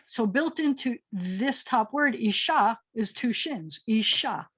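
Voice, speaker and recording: A woman's voice: fairly high pitch, lively intonation, slow, breathy edge. A woman rabbi teaching a Hebrew lesson over a video call, thinking aloud as she writes and correcting herself with chatty asides. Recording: slightly dull video call audio.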